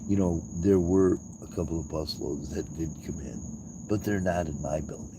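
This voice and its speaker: A man's voice: rumbling low, moderate pace, background noise. A man hosting a livestream in rambling casual chat, joking and teasing with frequent laughter. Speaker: livestream host.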